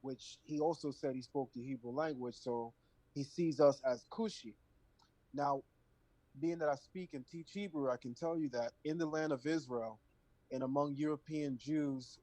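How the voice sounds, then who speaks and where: A man speaking as a show guest, explaining in a measured way with some fillers. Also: medium pitch, dark tone, no room sound, poor audio. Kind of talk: casual talk show remarks.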